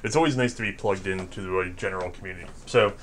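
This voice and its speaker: Southern guy, lowish voice, telling a funny story all animated, doing the quotes, laughing. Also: fast, a little hiss or hum. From American South. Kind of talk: casual storytelling chat.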